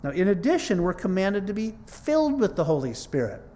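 Male pastor, slightly higher voice, casual yet emphatic sermon delivery. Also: big pitch swings, fairly quick, warm tone. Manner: conversational, emphatic, rises in pitch to stress points. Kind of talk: sermon teaching.

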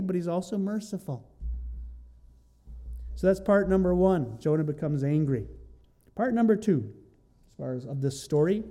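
A man's voice: high-pitched, gravelly, warm tone. A man preaching a sermon, walking through a scripture passage and acting out the quoted lines with rising intensity. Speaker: pastor.

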